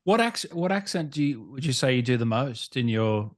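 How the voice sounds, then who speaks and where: A man's voice: mid-range voice, expressive, normal speed. Aussie guy hosting a chat with a guest, laughs along a lot. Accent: Australian. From Australia. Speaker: interview host. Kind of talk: casual interview chat.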